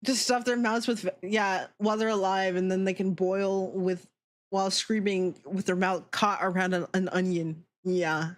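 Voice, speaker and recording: A woman's voice: medium pitch, flat delivery, normal speed. A young adult woman streamer chatting casually, giggling a lot and swearing as she reacts to chat.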